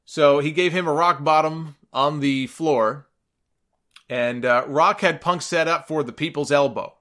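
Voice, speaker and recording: A man casually retelling a wrestling match, amused and animated, acting out the quotes he repeats. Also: on the high side, measured pace. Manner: animated, amused, quotes people in raised voices. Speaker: wrestling commentator recapping a match. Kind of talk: casual storytelling recap.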